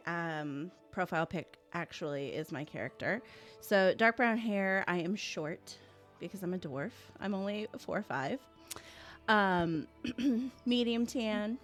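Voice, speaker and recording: Slow-talking woman describing her character. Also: fairly low pitch, a bit bright. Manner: blunt, laughing, swearing. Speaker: player.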